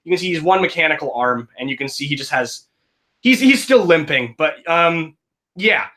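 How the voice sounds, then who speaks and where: Bright, animated male game master. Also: fairly high pitch, moderate pace. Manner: rambling, self-correcting, playful. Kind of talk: narrating a tabletop game.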